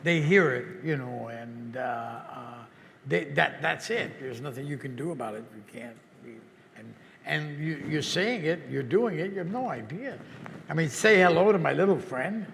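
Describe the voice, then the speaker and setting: An older man speaking as an interview guest, reflective and halting, often repeating words as he searches for his thought. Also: fairly high pitch, animated, vocal fry, a bit bright, big-room sound, slight background noise. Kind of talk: reflective conversation.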